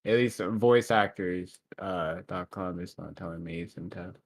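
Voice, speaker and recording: A young man with a fairly low voice, chatting on a live stream and reading out long lists between chuckles. He stumbles and restarts often. The sound is dry and close. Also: a little slow, no echo. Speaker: stream co-host. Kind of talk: casual chat on a live stream.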